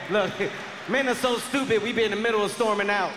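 A man doing stand-up comedy on stage, telling a story loudly and shouting the punchlines. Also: high voice, a little fast, crowd noise, noisy background. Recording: echoey live hall recording.

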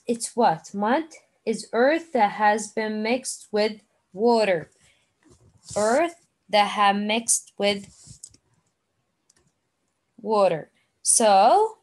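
Slow, repetitive woman teacher. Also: medium pitch. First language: Arabic. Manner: slow, repeating words for learners. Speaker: English teacher. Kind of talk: online classroom lesson.

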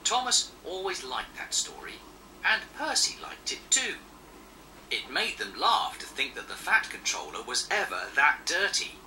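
A man narrating a children's storybook in an expressive, animated way. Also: sits high, a little slow, distant mic, slight background noise, low-quality recording.

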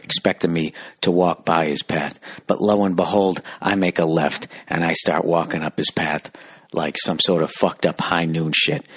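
Low voiced guy ranting solo on a podcast, swears constantly, rambly storytelling, pops into silly high voices. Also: slightly rough. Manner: acts out quoted voices in loud high bursts. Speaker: podcast host. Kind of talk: solo comedic rant.

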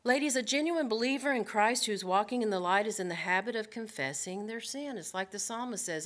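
Woman, Bible study teacher, middle pitch, earnest, direct, rhetorical questions, slows for emphasis. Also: a bit bright. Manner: slows down to stress key points.

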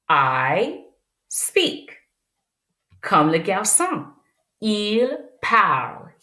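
Woman teacher for a kids' lesson, very slow careful enunciation, bright tone. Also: fairly low pitch, roomy sound. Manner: slow, exaggerated enunciation, repeating words; switches between English and French. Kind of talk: children's language lesson.

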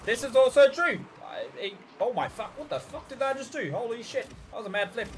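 Young man, Australian accent, high voice, very lively pitch, excitable, gaming voice chat. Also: fairly quick, a little hiss or hum. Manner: excitable, swearing, laughing outbursts. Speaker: gaming channel host. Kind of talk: casual gaming chat with friends.

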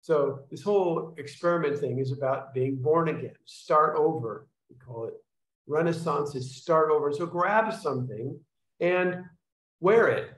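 A man speaking with a slightly high voice on a video call, heard in an echoey room. He rambles through explanations, restarting sentences and acting out little sounds to make his points. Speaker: workshop leader. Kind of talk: casual teaching to an online group.

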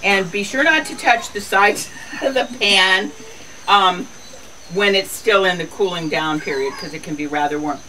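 Bright-voiced chatty woman homesteader. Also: medium pitch, normal speed, slight background noise, low-quality recording. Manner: chatty, folksy, talks to her animals. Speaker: host of a lifestyle show. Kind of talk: casual home cooking and garden vlog.

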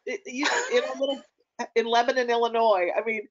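A woman's voice: a little high, fairly even intonation, fairly quick. A middle-aged woman, an opera singer, chatting casually and telling anecdotes with plenty of ums. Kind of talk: casual conversation. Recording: dull lo-fi audio.

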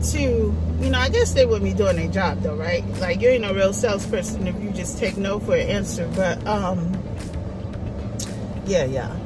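A woman from New Jersey vlogging in a casual, animated way, telling stories and playfully acting out conversations. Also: on the high side, low-quality recording. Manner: chatty, animated storytelling with playful put-on voices. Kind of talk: casual vlog chat.

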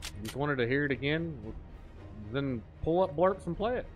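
A man's voice: on the high side, lively intonation, normal speed, soft background music. A man streaming a game, joking and riffing in playful banter with his chat. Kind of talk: gaming stream commentary.

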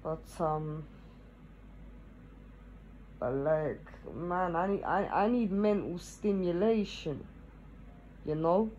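A woman's voice: fairly low pitch, slow, pauses often, a little mellow, dull audio, a little hiss or hum. A woman, chatting casually to camera, tagging nearly every phrase with "yeah?" and laughing between thoughts. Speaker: vlogger.

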